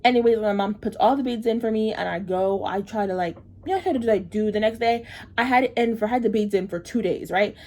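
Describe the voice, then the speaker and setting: A woman's voice: medium pitch, quick pace, a little mellow. A woman telling a story to camera while getting ready, chatty and rambling, repeating herself for emphasis as she vents her frustration. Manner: frustrated, venting. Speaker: vlogger.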